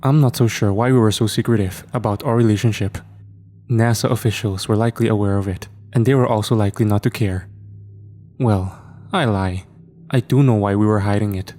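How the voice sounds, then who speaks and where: Low, dark-voiced man narrating horror. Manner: measured, ominous. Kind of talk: scripted narration.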